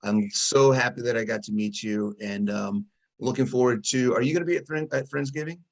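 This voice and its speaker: A man, a coach hosting a video call interview, giving short directives and quick affirmations. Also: medium pitch, creaky, rough recording. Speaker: coach and host.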